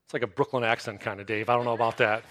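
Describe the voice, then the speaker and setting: A man preaching a sermon, telling a Bible story with lively storytelling and acted-out reactions. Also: mid-range voice, rapid-fire, a little hiss or hum. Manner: animated storytelling, acts out disciples' reactions. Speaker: pastor.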